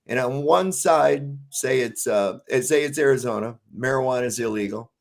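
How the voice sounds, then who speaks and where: A man hosting a casual chat, animated and swearing freely as he tells stories. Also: mid-range voice, normal speed, vocal fry, hardly any pauses. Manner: animated, acts out quotes in funny voices, swears freely.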